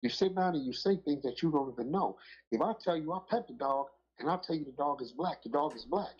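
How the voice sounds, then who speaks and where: A husky-voiced man, a dog breeder appearing on a podcast talk show, tells blunt stories in casual chat over muffled, lo-fi audio. His voice is on the high side and a little fast, and he speaks emphatically in street slang, repeatedly asking "you know what I'm saying."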